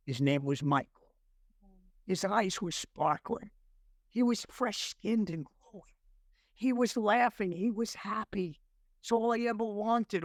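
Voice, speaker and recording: Older man telling his story, slightly high voice. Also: dry recording. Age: 60s. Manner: animated storyteller acting out dialogue; earnest, emotional at times. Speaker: interview guest. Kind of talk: personal recovery story.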